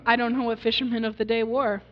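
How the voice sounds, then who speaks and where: High-voiced woman preaching in a hall. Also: flat delivery, fast talker. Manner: earnest, storytelling, asks the audience questions. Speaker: pastor. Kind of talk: sermon. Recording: dull recording in a reverberant hall.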